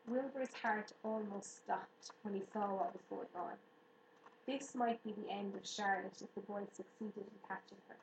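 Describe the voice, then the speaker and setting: A woman narrating an audiobook in a steady, even storytelling manner. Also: medium pitch, moderate pace. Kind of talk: audiobook reading. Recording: roomy room echo, faint hiss.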